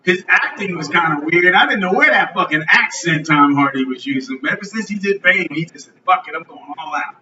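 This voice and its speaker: A man hosting a live podcast on a club stage, joking loudly and swearing a lot. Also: on the high side, lively intonation, fairly quick, hardly any pauses. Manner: loud, profane, joking. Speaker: podcast host. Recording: roomy lo-fi live venue recording from a distance.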